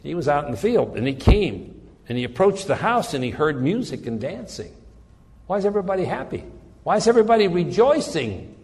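A man's voice: on the high side, sing-song, a little fast, darkish tone, in a large hall. A man preaching a sermon in an earnest way, often repeating words as he searches for the phrasing.

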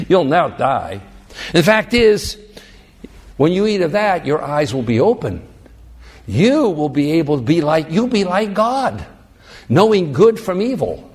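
Animated male preacher. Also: fairly high pitch, slightly rough. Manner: animated, emphatic, asks rhetorical questions. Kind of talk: sermon.

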